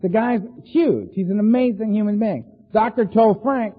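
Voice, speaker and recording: Man, high voice, animated storytelling recovery talk, asides of "right?", thin phone-like sound. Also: moderate pace, hardly any pauses, husky. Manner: animated, keeps tagging lines with "right?" and "man". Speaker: recovery meeting speaker.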